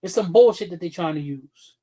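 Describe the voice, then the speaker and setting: Casting note: high-voiced man from the US, heated and confrontational, swears freely, stream-host delivery. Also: lively intonation, fairly quick, mellow. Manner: blunt, profane, confrontational; speaks with many restarts and repeated words. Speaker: streaming talk show host. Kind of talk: heated livestream commentary.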